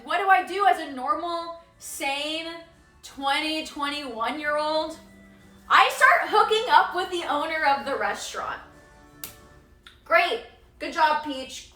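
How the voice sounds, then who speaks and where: A young woman from Texas tells a wild personal story in a casual stream, swearing freely and jumping into the voices of the people she quotes. Her voice sits high and sounds bright and forward. The room gives it a noticeable echo, with faint music underneath. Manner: animated, swearing, dramatic retelling with quoted voices.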